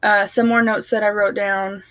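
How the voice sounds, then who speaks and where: A woman's voice: medium pitch, level tone, normal speed, a bit bright, no room sound. A young woman chatting to camera in a rambling, casual way, laughing now and then and sounding tired. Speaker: family vlogger.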